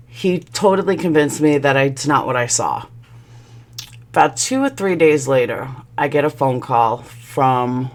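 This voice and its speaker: A woman telling a personal story in a vlog, blunt and heated, swearing freely and rambling through quick asides. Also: extremely low pitch. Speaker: channel host.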